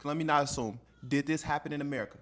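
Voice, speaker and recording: A man's voice: fairly high pitch, racing, fairly bright tone. A man cutting in to react to a story with skeptical commentary. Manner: incredulous, skeptical.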